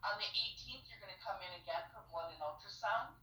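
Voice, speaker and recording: A woman nurse explains a medication calendar step by step in a bright, crisp voice, checking in after each point. The sound comes through a video call, echoey and a little far from the mic. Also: mid-range voice, fast talker, a little hiss or hum. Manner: patient, step-by-step, checks understanding with "okay?". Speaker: fertility nurse.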